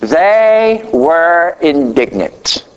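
A man preaching a sermon as pastor, slow and dramatic, letting his voice sink low at the ends of phrases. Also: big pitch swings, muffled recording, a little hiss or hum.

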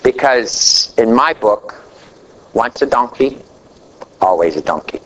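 A man preaching a sermon as pastor, slow and dramatic, letting his voice sink low at the ends of phrases. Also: lively intonation, fairly bright tone, a little hiss or hum, rough recording.

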